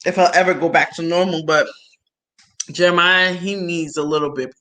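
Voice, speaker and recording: A woman's voice: lowish voice, normal speed, poor audio. A woman hosting a casual livestream on a phone, chatting with viewers and telling stories full of slang and laughter. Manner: animated storytelling with slang and laughs. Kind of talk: casual chat.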